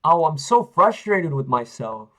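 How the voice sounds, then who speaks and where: A man livestreams chess, talking to himself and viewers as he plays, swinging between hype and frustrated muttering. His high voice is very animated, pushed and bright, though unhurried, and the audio quality is poor.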